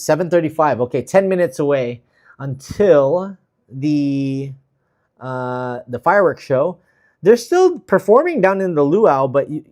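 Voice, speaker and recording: A man hosting a travel livestream, chatting casually and reading viewer comments with an easygoing, filler-filled manner. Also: fairly high pitch. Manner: easygoing, chatty, many fillers, gives shout-outs.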